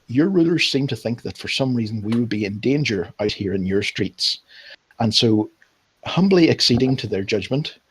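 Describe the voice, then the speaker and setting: A man's voice: lowish voice, breathy edge, rough recording. A man voicing a gracious noble lady ambassador. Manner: formal, courteous address to a crowd. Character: noble human woman ambassador, dignified and gracious.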